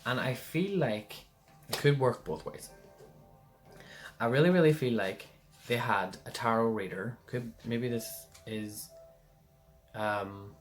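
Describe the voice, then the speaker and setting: A man's voice: medium pitch, takes it slowly, pauses often, soft background music. A man giving a casual pick-a-card tarot reading, rambling and chatty, often checking in with the listener.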